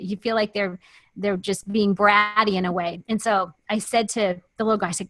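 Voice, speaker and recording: A woman hosting a faith-based podcast, telling stories in an impassioned, animated way. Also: a little high, normal speed, no echo. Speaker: podcast host.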